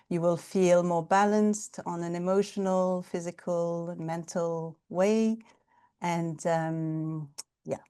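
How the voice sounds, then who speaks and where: A gentle woman instructor guides a qigong class over a video call. Her voice sits a little low and sounds mellow, and she speaks slowly and calmly, with small hesitant pauses. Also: smooth. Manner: gentle, calm, with hesitant fillers. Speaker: Chinese medicine therapist and qigong instructor.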